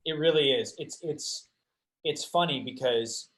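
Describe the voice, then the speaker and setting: Animated young man telling stories. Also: fairly high pitch, unhurried, poor audio. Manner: animated storyteller, swears casually, laughs a lot. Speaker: guest actor. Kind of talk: casual podcast chat.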